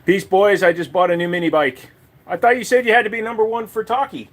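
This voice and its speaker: A man's voice: high-pitched, expressive, quick pace. A man hosting a casual live stream, joking crudely and swearing as he shows off his collection and talks to chat.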